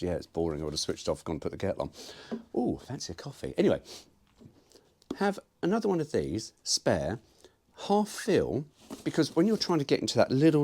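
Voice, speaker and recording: Husky, chatty man. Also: fairly low pitch, warm tone. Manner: chatty, rambling and jokey, with swearing. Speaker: car vlogger. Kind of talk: casual workshop chat to camera.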